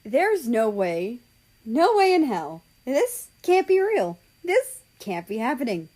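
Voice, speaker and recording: A woman voicing a young male cat who speaks high, loud and urgent. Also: expressive, unhurried. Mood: disbelieving.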